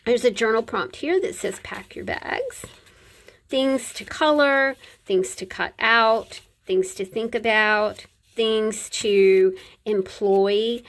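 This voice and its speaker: A middle-aged woman casually showing her handmade journals in a chatty vlog, rambling a little with fillers. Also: mid-range voice. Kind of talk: casual show-and-tell vlog.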